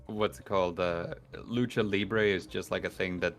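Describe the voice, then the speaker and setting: A man's voice: low-pitched, normal speed, faint music behind. Joking man as a podcast guest. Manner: relaxed, joking banter. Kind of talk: casual chat.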